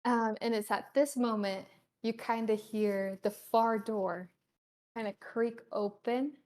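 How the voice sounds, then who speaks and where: A woman running a casual tabletop game as game master, halting and giggly, with many fillers. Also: fairly high pitch, fairly even intonation, darkish tone.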